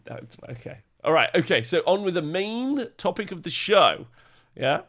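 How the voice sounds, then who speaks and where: A man's voice: sits high, big pitch swings, normal speed, fairly bright tone. A man hosting a tabletop wargaming podcast, talking casually and rambling with plenty of filler. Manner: rambling, lots of filler uhs and laughs. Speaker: podcast host. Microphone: podcast microphone.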